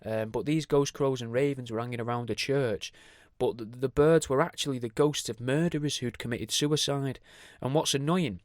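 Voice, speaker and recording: A man's voice: medium pitch, fairly even intonation, normal speed, a little mellow, dry recording, clean studio sound. A man hosting a podcast alone, chatting casually in a rambling, sweary way, with many asides and restarts. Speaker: podcast host. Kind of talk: casual solo podcast monologue.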